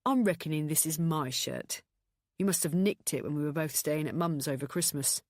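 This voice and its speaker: A woman voicing a reserved, refined young man who speaks calmly and softly in an audiobook. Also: low-pitched, no echo, studio quality. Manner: calm, measured, soft-spoken. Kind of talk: audiobook narration.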